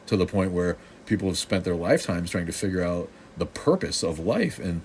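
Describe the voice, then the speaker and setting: A middle-aged man with a very low voice, hosting a live stream and riffing on viewer comments. He is snarky and joking, and he talks loosely with many restarts. A faint hiss sits under the voice. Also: animated, fairly quick, darkish tone. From Boston.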